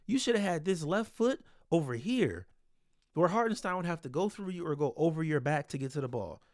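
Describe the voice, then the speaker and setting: A man's voice: on the high side, lively intonation, fairly quick, no echo, studio quality. A man breaking down basketball game film in a casual, exasperated and blunt way, swearing freely.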